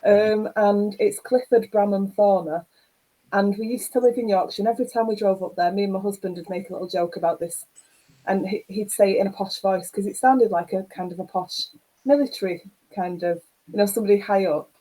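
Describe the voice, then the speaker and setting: A woman hosts an author chat on a video call, her voice mellow and mid-pitched. She asks her guests questions in a friendly, chatty way and shares small anecdotes of her own. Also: fairly quick, poor audio. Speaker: book club host.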